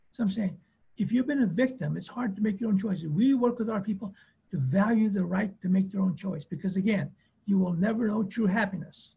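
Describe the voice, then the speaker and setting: A man's voice: high voice, creaky, dark tone, slightly rough. A man who works as a therapist, giving a webinar talk on family conflict in plainspoken, emphatic phrases and short stories. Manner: emphatic, repetitive phrasing with acted-out quotes; plainspoken storytelling.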